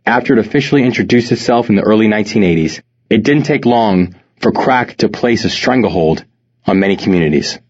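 A middle-aged man from New York narrating his memoir in a measured, reflective way. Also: fairly low pitch, animated, a little mellow. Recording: slightly muffled recording.

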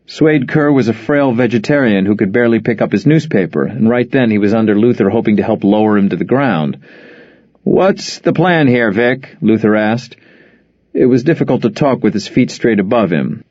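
A man narrating an audiobook in a measured, even storytelling manner. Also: on the low side, no room sound. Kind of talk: scripted narration. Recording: dull lo-fi dry recording.

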